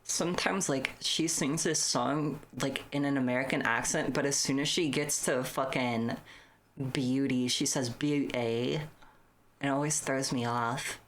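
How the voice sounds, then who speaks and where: Very low-voiced blunt woman streamer. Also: steady tone, moderate pace. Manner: blunt, profane, teasing. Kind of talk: casual live-stream chat.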